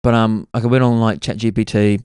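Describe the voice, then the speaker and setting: Rambling New podcast host, smooth dry voice. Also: male voice, on the low side, steady tone, fairly quick, a little mellow, no room sound. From New Zealand. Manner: rambling, peppered with "like" and "bro". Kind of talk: casual solo storytelling.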